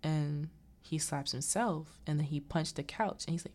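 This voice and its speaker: A woman chattily recapping a movie's plot, wandering into asides and acting out the characters' lines. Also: low voice. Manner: animated, acts out the characters' lines in quick voices.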